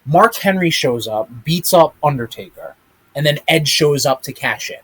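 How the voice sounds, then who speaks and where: A man's voice: a little high, expressive, normal speed, a bit bright, slightly rough. Rambling man chatting on a live stream. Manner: rambling, swears casually, many ums. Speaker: podcast host. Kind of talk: casual wrestling chat. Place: streaming room with a big chat monitor.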